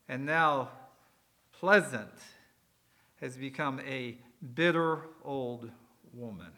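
A man's voice: a little high, bright, forceful tone. A man preaching a sermon, explaining words in a conversational way with folksy asides. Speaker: pastor.

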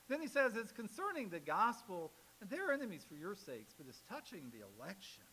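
Male pastor, sermon delivery, bright high voice, faint tape hiss. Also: low-quality recording. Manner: emphatic, swings loud on key phrases; reads scripture aloud with rising force.

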